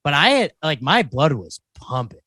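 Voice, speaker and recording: A man's voice: on the high side, normal speed, no echo. A young man, a comedian, casually telling stories on a podcast, laughing often and acting out what people said. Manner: animated, laughs often, acts out quotes. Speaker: podcast co-host, stand-up comedian. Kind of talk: casual chat, storytelling.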